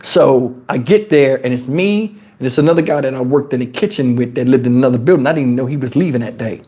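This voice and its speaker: A man from New Jersey telling casual stories on his livestream in crude street slang, animated and jumping into high, shouted tones as he retells them. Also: quick pace. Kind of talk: casual storytelling. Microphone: wireless lapel mic.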